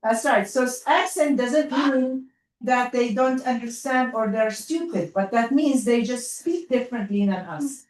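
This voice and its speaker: High-pitched woman with an arabic accent teaching kids, lively and coaxing, echoey room, mic kinda far. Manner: lively, coaxing, quick asides to pupils. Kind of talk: classroom teaching. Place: classroom. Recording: roomy classroom from far off.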